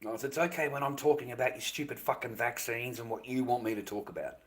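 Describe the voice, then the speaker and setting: A man's voice: medium pitch, fast talker. An Australian man ranting casually on his live stream, profane, rambling and dismissive.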